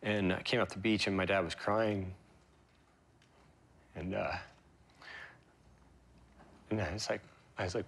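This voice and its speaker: Low-voiced man, halting and emotional. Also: steady tone, vocal fry, fairly bright tone, breathy edge. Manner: emotional, halting, many fillers and restarts. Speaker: interview guest, pro surfer. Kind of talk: reflective interview storytelling.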